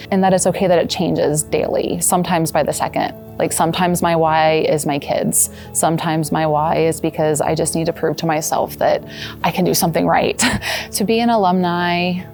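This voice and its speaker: Low-voiced earnest woman in her thirties. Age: 30s. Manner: earnest, halting, with soft restarts. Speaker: former patient giving a testimonial. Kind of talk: personal testimonial.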